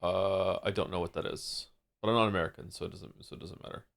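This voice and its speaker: A man's voice: deep voice, steady tone, fast, vocal fry, a bit bright. A man streaming from home, chatting casually with his viewers, rambling with many fillers and restarts. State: losing his voice. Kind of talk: casual chat with chat.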